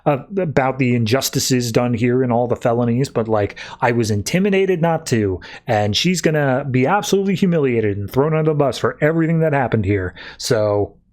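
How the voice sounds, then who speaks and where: A man voicing an overconfident, scheming male agent in a pushy, fast-talking way. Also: mid-range voice, a little mellow, lightly acted.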